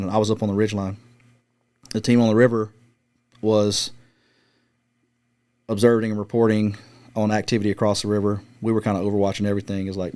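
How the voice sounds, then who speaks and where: A man's voice: lowish voice, darkish tone. A middle-aged man, a former military sniper, casually telling a long story in an interview and swearing freely as he acts out the radio calls. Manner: profane, laid-back storyteller acting out radio calls. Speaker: guest, former Marine scout sniper.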